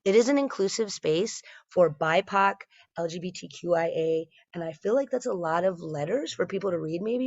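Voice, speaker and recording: A woman's voice: on the low side, normal speed, few pauses, darkish tone, no echo, dull audio. A woman in her thirties telling stand-up stories in a chatty, self-deprecating way, with many fillers and restarts. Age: 30s. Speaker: stand-up comedian. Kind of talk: stand-up storytelling set.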